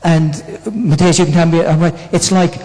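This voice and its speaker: A man's voice: a little high, steady tone, moderate pace, mellow. A man preaching a sermon in a conversational way, often asking the congregation questions. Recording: long reverb in a church hall.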